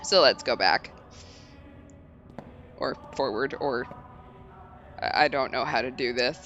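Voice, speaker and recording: A woman's voice: a bass voice, takes it slowly, a bit bright, dull audio, soft background music. A woman hosting a let's play, chatting casually and reading the game's text aloud in a storytelling tone, with frequent giggles.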